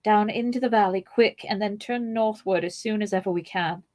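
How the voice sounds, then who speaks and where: A woman voicing an earnest young male hobbit, urging his companion onward in a hurried way. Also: mid-range voice, darkish tone, natural voice. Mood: urgent.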